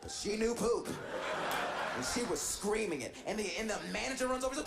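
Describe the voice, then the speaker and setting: A man performing stand-up tells a story and laughs his way through it, animated the whole time. His voice is high, brisk and creaky, and the live stage recording is noisy.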